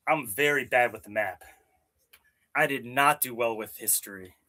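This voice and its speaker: A young man from Maryland with a bright, forceful tone talks loosely between sets. He rambles, swears freely and answers his chat as if among friends. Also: medium pitch, moderate pace. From Maryland, USA. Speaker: fitness vlogger. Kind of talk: casual chat with live chat during workout. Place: home gym.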